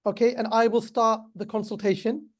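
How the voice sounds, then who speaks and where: A man's voice: high voice, little pitch movement, a little fast. A middle-aged man teaching pharmacists in an online webinar, chatty and repetitive, speaking straight to his class. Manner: chatty, repeats himself, addresses the class directly.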